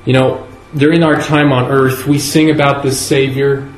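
A man preaching a sermon in a church, earnest and measured, leaning on key words with slow emphasis. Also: medium pitch, level tone. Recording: echoey room with faint ambience.

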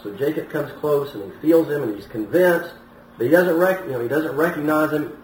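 A man's voice: a little high, brisk, a little mellow. A man preaching a sermon, retelling a scripture story in a storytelling manner, with some restarts and a voice that rises on the quoted lines. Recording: roomy, from a distance, faint noise.

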